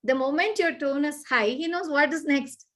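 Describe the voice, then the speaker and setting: A woman talks through parenting advice in a conversation. She is earnest and animated, often acting out what parents and children say. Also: high-pitched, moderate pace. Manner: earnest, repetitive, animated explaining with acted-out examples. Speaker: parenting expert guest.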